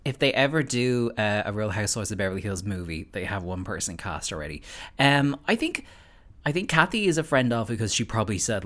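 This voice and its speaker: A man's voice: fairly low pitch, expressive, fast, fairly bright tone. A man co-hosting a podcast, chatting casually with a wry, amused manner and frequent laughter. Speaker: podcast co-host. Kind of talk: casual chat.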